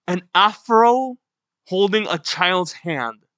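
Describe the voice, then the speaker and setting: A young man hosting a manga reaction, reading aloud and reacting excitedly, swearing and breaking into high yells. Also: takes it slowly, clean tone, dry recording.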